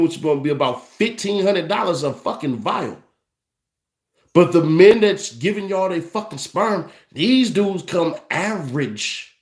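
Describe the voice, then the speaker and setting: A young adult man, ranting with profanity and mocking laughs as a commentary host. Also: fairly high pitch. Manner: brash, mocking, laughs often. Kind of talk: profane rant to camera. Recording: echoey room.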